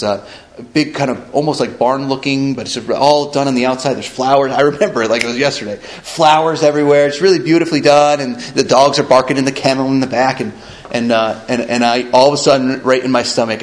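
A man from upstate New York tells a personal recovery story at a medium pitch. He talks casually and loosely, circling back on his phrases, restarting often and checking in with his listeners. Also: poor audio. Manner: rambling, many restarts and "right?". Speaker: recovery speaker.

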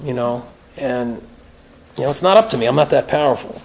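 A man's voice: medium pitch, fairly quick, vocal fry, darkish tone, a little hiss or hum. A man speaking to an evening recovery meeting in an earnest, plain-spoken, storytelling way. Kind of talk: conversational talk at a recovery meeting. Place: meeting room, evening gathering.

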